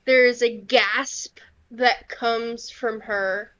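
Woman game master narrating the scene, slow and a bit high, dull lo-fi recording. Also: steady tone, a bit bright. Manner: unhurried, with fillers.

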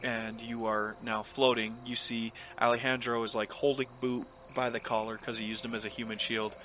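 A man's voice: mid-range voice, level tone, normal speed. Casual game-master man, noisy recording. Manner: casual, filler-heavy narration. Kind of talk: narrating a tabletop game.

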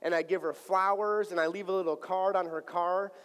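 A man with a high-pitched voice preaches from the pulpit, telling a story with playful energy and acting out each exchange. His voice rings through a big church sanctuary with a long trailing reverb. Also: fairly quick, clean tone. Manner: animated, acts out dialogue playfully. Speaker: pastor. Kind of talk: sermon with personal storytelling.

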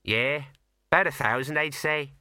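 A man's voice: fairly high pitch, moderate pace, pushed and bright, dry recording, clean studio sound, pitched above the performer's own voice. A man voicing a stolid middle-aged male watch sergeant who talks in a level, plain way.

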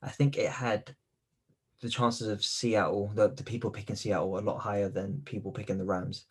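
Husky, low-voiced male co-host. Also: level tone, moderate pace. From United Kingdom. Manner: teasing, argumentative, repeats words. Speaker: podcast co-host. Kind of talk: casual sports podcast chat.

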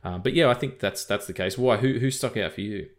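A man's voice: lowish voice, fairly quick. A man in his thirties co-hosting a casual film podcast, rambling with many fillers and swearing. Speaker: podcast co-host.

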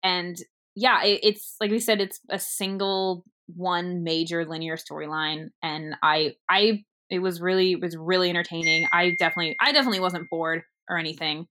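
A woman's voice: lowish voice, normal speed. Young woman animatedly retelling a film. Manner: animated storytelling, acting out quoted lines. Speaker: movie reviewer. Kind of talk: casual chat.

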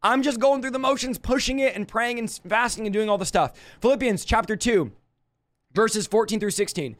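A man's voice: high-pitched, moderate pace, a bit bright. A man preaching in a livestream Bible study, fiery and emphatic, speaking straight to the viewer.

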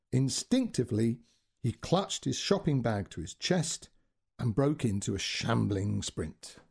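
A man reading a short story aloud as a storyteller, with dramatic, expressive delivery. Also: mid-range voice, breathy edge.

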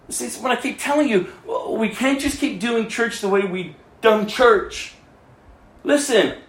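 A high-voiced male pastor preaches a fervent sermon, shifting between loud, forceful lines and soft, hushed asides. The recording has a spacious echo.

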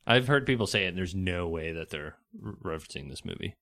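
A young man co-hosting a podcast, talking about a movie in a rambling, halting way. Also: deep voice, animated, bright, forceful tone. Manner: rambling, halting, full of fillers and restarts. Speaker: podcast co-host. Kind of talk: casual chat about a movie.

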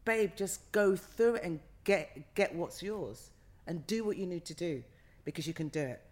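A woman's voice: fairly low pitch, moderate pace, a little mellow. A middle-aged woman who is a guest in an interview, talking passionately and emphatically and repeating phrases for emphasis. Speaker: actor guest. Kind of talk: casual interview chat.

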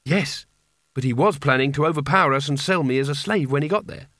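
A man voicing a sharp-tongued young woman warrior who speaks bluntly and sounds exasperated. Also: a little high, fairly quick, no echo, clean studio sound, close to an everyday voice.

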